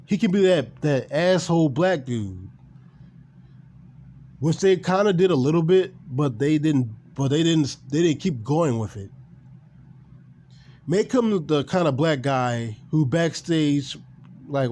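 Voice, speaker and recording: A man's voice: on the high side, animated, measured pace, dark tone. A man ranting casually and with animation about wrestling, swearing and repeating himself. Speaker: gaming and wrestling commentator. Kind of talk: casual opinion rant.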